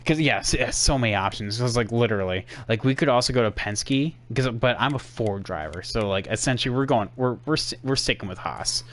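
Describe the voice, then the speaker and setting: A man's voice: medium pitch, lively intonation, fairly quick, few pauses, fairly bright tone. A young man casually commentating his racing game stream for his chat, sarcastic and easily exasperated, rambling with fillers.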